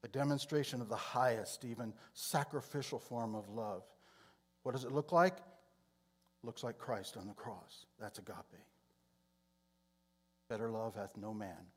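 A man teaching from the Bible in a sermon, speaking in a measured way and often clearing his throat. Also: fairly low pitch.

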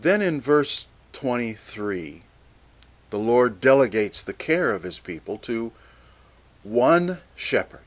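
A man preaching a Bible teaching sermon, measured and deliberate, reading scripture passages aloud. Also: mid-range voice, very animated.

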